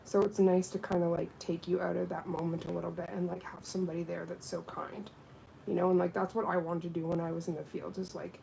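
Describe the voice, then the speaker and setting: A woman's voice: on the low side, fast talker, creaky, slight background noise, low-quality recording. A woman doing nails and chatting casually on a livestream while she works. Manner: chatty, with lively quoted voices. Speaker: nail technician.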